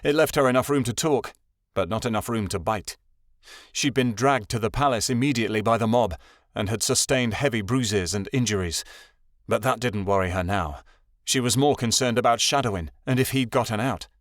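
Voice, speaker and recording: A man's voice: medium pitch, moderate pace, dry recording, studio quality. Man narrating a fantasy audiobook.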